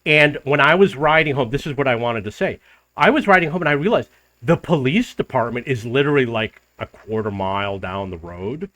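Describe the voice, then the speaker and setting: A man's voice: medium pitch, fairly quick. A middle-aged man from the United States, telling a story in a casual monologue and acting out the arguments he quotes. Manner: animated retelling, acts out quoted arguments. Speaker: travel vlogger.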